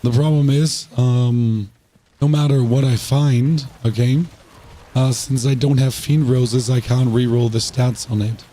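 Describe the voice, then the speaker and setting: A man talks to his viewers in a voice worn hoarse, having lost most of it. His tone sits dark and mellow at a middling pitch. He rambles casually, restarts his sentences and throws rhetorical questions at chat. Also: steady tone, measured pace. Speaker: streamer playing a game.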